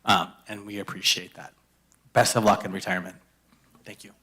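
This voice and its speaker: A man's voice: on the low side, fairly even intonation, a little fast, sharp tone, husky. A human resources director, a man, giving a friendly, lightly joking thank-you in a county meeting chamber. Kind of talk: public comment tribute.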